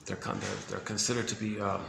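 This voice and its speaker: A man giving a casual, halting explanation on psychology, often searching for words and repeating himself. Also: lowish voice, steady tone, vocal fry, background noise. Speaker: speaker on psychology. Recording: echoey room with faint ambience.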